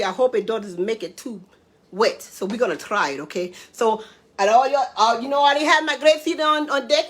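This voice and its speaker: A woman's voice: high voice, a bit bright. A woman in a casual cooking vlog, talking to her viewers in a chatty, playful way, calling them babies and honey. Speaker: cooking show host.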